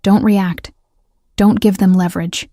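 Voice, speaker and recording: A woman's voice: mid-range voice, little pitch movement, unhurried, dark tone, no room sound, clean studio sound, natural voice. A woman reading the lines of a cold, controlled male mafia boss.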